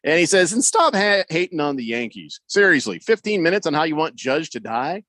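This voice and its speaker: A man reads listener texts on a sports radio show and cracks wry jokes about them. His pitch jumps around freely as he talks. The studio sound is dry and close. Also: big pitch swings, fairly quick, a bit bright, dry recording. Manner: wry, joking, reads messages aloud. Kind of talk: casual sports radio banter. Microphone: studio microphone.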